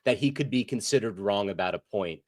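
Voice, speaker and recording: A man on a sports podcast panel chiming in with low-key, dry commentary in casual chat. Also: expressive, brisk, a little mellow. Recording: voice picked up from away from the mic.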